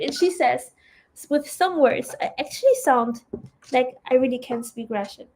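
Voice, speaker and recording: High-voiced woman chatting on a trading stream. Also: a little mellow. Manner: chatty, reads viewer comments aloud and answers them. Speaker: trading livestream host. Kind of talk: casual livestream chat.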